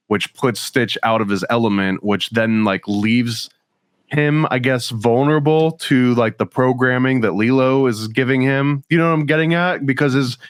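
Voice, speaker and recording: Smooth-voiced man asking probing questions. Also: medium pitch, no echo. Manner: questioning, analytical, wry. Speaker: podcast co-host. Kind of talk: casual chat.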